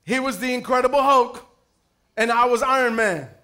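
A pastor with a very high-pitched voice preaches a sermon at normal speed, telling stories playfully and with lively energy. He calls for amens and raises his voice at key points.

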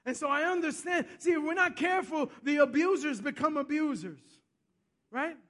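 Very high-voiced bright male preacher. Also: moderate pace. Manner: storytelling, repeats himself, asks the congregation "Amen?"; swings between soft and loud. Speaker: pastor. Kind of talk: sermon.

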